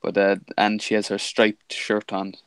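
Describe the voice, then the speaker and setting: A man's voice: lowish voice, completely flat delivery, a little slow, a bit bright, clear, resonant tone, no room sound. A man chatting casually and explaining at length about the figures he builds. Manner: rambling, explaining. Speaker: Lego figure maker. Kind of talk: casual chat.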